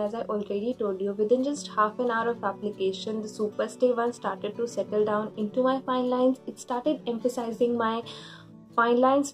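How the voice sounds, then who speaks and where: A woman in a makeup review vlog, explaining her results in an earnest way with small restarts. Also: a little high. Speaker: beauty vlogger.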